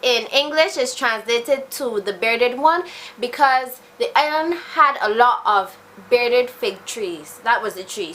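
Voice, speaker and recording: A woman's voice: fairly high pitch, fairly bright tone. A young woman from Barbados with a Barbadian accent, answering questions in a chatty, informal vlog. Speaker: beauty vlogger. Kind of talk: casual Q&A vlog.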